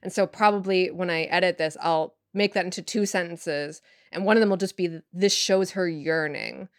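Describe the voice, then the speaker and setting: A woman writer chatting as a podcast guest, thinking out loud with lots of fillers and restarts. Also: fairly low pitch, fairly even intonation, brisk, no echo, clean studio sound. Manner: rambling, filler-heavy, thinks aloud. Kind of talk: casual interview chat.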